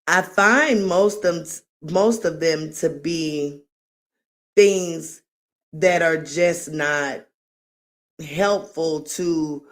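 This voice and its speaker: A woman chatting casually on her own live stream. She talks at an unhurried pace, rambling from one thought to the next, and laughs along at her own jokes. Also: deep voice. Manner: refers to herself by name in the third person.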